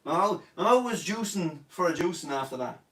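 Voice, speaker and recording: His voice a little high, expressive, and fairly bright, a young Irish man talks a little fast during a casual live-stream Q&A. He's an online comedian, ill in bed, reading viewer comments with jokes and boasts, and the mic sits far from him in a roomy-sounding room.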